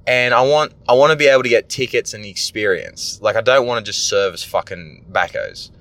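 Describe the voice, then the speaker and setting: A man's voice: on the low side, very animated, a little fast, a bit bright, no echo. A young Australian man, a tradesman, venting bluntly and with heavy swearing in a casual monologue. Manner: blunt, profane ranting.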